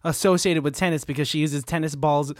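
Playful high-voiced young man. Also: fairly even intonation, a little fast, no echo, clean studio sound. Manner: playful, laughs often, mock sales pitch. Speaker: podcast co-host. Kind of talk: casual chat. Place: small room at a table. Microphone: studio mic, camera present.

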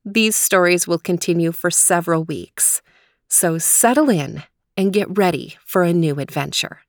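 A woman host narrating a children's story in a gentle, expressive voice. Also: on the low side, unhurried, no room sound, studio quality.

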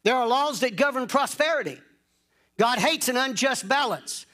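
A man's voice: extremely high pitch, lively intonation, moderate pace, bright, forceful tone. A man preaching a sermon in an emphatic, insistent way, repeating phrases to drive points home.

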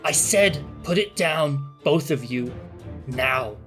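A man's voice: on the high side, animated, takes it slowly, a bit bright, soft background music. A man voicing a fierce cloaked woman with a tail who gives harsh orders at crossbow point. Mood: threatening. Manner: harsh commanding threats.

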